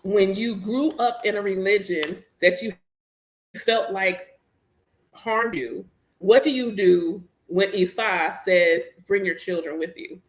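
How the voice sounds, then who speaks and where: Woman in her thirties, casual chat, candid, playful, animated, echoey room. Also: medium pitch, slow. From United States. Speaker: priestess and host. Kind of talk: casual chat while working.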